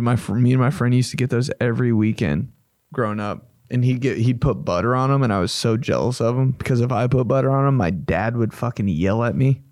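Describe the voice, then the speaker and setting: Gravelly comedy podcast dude riffing and cursing, dry close mic, mid pitch. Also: male voice, darkish tone, no room sound. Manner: loose, profane, joking riffs. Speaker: podcast host. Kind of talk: comedy podcast reaction chat.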